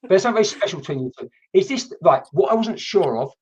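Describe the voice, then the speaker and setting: A woman's voice: on the low side, animated, fast talker, darkish tone, slightly rough. A woman working as a medium, giving a chatty live-streamed reading and swearing casually as she talks. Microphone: computer mic on a video stream.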